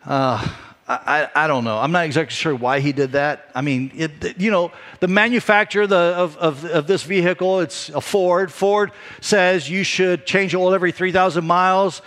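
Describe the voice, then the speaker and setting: Brief: middle-aged male preacher, somewhat high voice, chatty storytelling sermon. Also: normal speed. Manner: conversational, animated storytelling with frequent restarts. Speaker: pastor.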